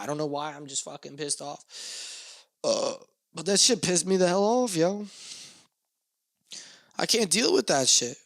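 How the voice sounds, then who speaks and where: A man's voice: medium pitch, a bit bright, no echo. A young man hosting a podcast, talking alone in a rambling, joking and profane way that often mocks himself. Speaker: podcast host. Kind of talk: casual podcast monologue.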